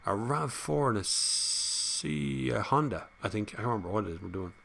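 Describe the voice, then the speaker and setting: A man's voice: lowish voice, lively intonation, moderate pace, gravelly, a bit bright. An Irish man hosting a casual live chat, reading out viewer comments and rambling on between them with frequent laughs. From Ireland. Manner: chatty, rambling, laughs often.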